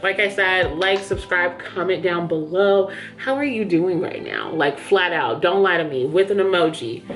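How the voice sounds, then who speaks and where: A woman's voice: fairly low pitch, normal speed, faint music behind. A woman book vlogger chatting candidly to camera in a small room under studio lights, a little out of breath. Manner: chatty, candid, says "yo" and "y'all". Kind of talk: casual chat to camera.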